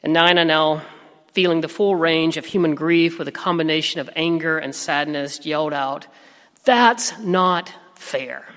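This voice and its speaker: A man in his thirties preaching a sermon as pastor, telling a family story in a gentle, reflective way. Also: on the high side, level tone, normal speed. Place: church sanctuary. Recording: reverberant sanctuary.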